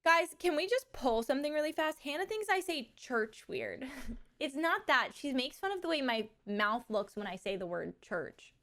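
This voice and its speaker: A woman's voice: high-pitched, very animated, a bit bright. Giggly woman streamer with a slight lisp. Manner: chatty and giggly, drawn-out words. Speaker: livestreamer. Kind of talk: casual chat to a live audience.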